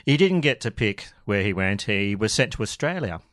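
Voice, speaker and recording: A man's voice: lowish voice, sing-song, moderate pace, fairly bright tone. A man co-hosting, recounting a comic history story in a dry, matter-of-fact way. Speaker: podcast co-host.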